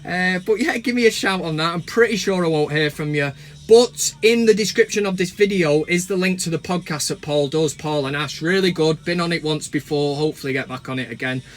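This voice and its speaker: A man hosting a casual football chat from inside a van while driving, with cheeky, animated banter. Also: on the high side, fairly quick. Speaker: host.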